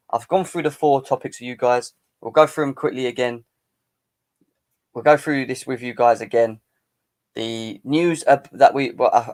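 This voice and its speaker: Boisterous man hosting a fan stream. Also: mid-range voice. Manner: boisterous, teasing banter, chanting. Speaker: fan channel live-stream host. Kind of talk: casual live-stream football chat.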